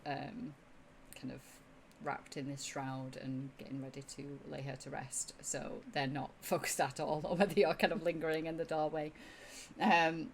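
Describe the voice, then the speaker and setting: A woman's voice: low-pitched, a little hiss or hum. A woman running a tabletop game as game master, narrating in a hesitant way with many fillers.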